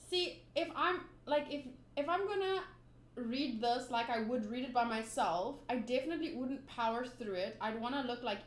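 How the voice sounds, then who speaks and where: A woman's voice: on the high side, a little hiss or hum. A woman casually reading through a manga aloud and commenting between panels in a chatty, gushing way. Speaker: manga reader and channel host. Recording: roomy room echo.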